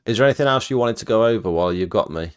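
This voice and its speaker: Low-voiced man giving friendly gear advice. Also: rapid-fire, clean tone. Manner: relaxed, advising, chuckles while telling stories. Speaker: live stream host. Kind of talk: casual chat about roof cleaning gear.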